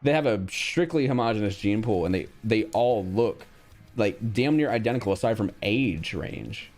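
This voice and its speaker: Swearing young man with lively pitch. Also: normal speed, soft background music. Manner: blunt, swears often, reacts aloud to a quiz while reading chat. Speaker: streamer. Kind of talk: casual livestream chat.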